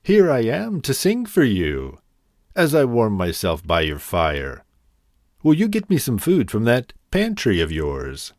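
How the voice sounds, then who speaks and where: A carefree grasshopper, voiced by a man reading a storybook, coaxing in a raised, singsong voice. He drawls slowly, his pitch swinging widely. The sound is close and dry. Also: huge pitch swings, darkish tone, dry recording. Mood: cheerful. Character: carefree male grasshopper, playful and lazy.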